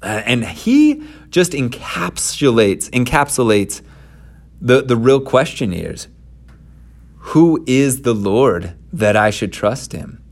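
A man's voice: medium pitch, sing-song, slow pace. A man retelling a scripture story in a casual, conversational way and adding his own commentary. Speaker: scripture teacher.

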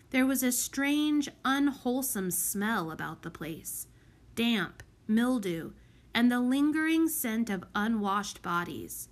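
Woman reading a kids' book out loud, kinda high voice, takes her time, clear and steady. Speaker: audiobook reader. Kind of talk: scripted narration.

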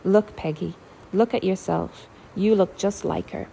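A woman voicing a tearful young woman who is the heroine's older sister, speaking softly and pleadingly. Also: mid-range voice, unhurried, vocal fry, a little hiss or hum, poor audio. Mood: tender.

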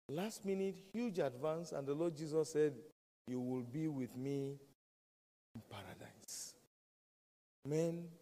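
A man delivers a sermon with emphatic repetition, hammering his key phrases again and again. His voice sits fairly high yet sounds dark and mellow. The long reverb of a large hall trails after every line. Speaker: preacher.

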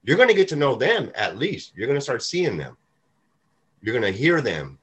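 A man's voice: mid-range voice, huge pitch swings, moderate pace, fairly bright tone, breathy edge. A man co-hosting a casual recovery podcast, talking emphatically and swearing now and then. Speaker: podcast co-host. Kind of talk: casual recovery-group chat.

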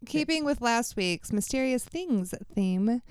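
A woman's voice: a little high, lively intonation, unhurried, clear, resonant tone, no room sound, clean studio sound. A woman co-hosting a casual podcast, reading news articles aloud between fillers and chat. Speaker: podcast co-host.

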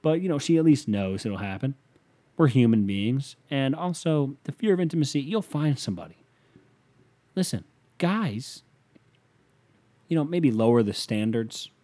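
A podcast host in his twenties reads a listener's letter aloud and reacts to it in a casual chat. His voice is middling in pitch, mellow, expressive, and fairly quick, and he slips into profane, joking asides while offering advice.

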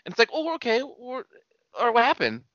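A man's voice: very high voice, huge pitch swings, a bit bright, dry recording. A man co-hosting a movie podcast, sarcastically mocking the plot in casual chat. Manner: sarcastic, quick to mock the plot with swearing. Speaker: podcast co-host. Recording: slightly dull lo-fi, dry.

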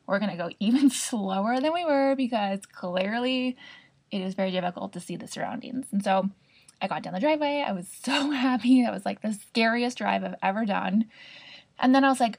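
A young adult woman hosting a podcast, telling a personal story in a chatty, expressive way with casual swearing. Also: medium pitch, fairly quick, gravelly. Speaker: podcast host.

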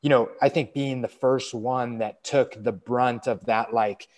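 A man speaking as a guest in a relaxed interview. He talks in a loose, rambling way, packed with filler words. His voice sits at an everyday middle pitch. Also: unhurried. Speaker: fitness brand representative, guest. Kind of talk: casual conversational interview.

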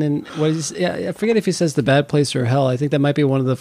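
A man's voice: fairly high pitch, quick pace, a little mellow, slight background noise. A man in his thirties from California, rambling as a podcast co-host with many restarts. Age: 30s. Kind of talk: casual podcast chat.

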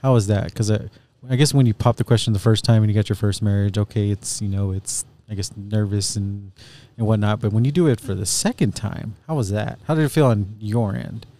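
A man's voice: fairly low pitch, fairly even intonation, fairly quick, mellow. A man co-hosting a casual chat, joking and teasing. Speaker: co-host.

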